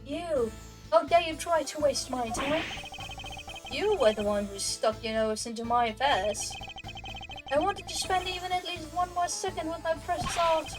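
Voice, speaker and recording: A woman's voice: high voice, steady tone, moderate pace, music in the background, voice pushed up, close to an everyday voice. A woman voicing a haughty, wealthy male art dealer in a pompous, condescending manner.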